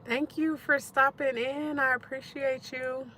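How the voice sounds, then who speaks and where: A woman, telling stories in a relaxed way as she chats to viewers on a live stream. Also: high-pitched, unhurried, slight background noise. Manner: relaxed storytelling, talks straight to viewers. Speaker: livestream host. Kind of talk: casual live-stream chat while eating.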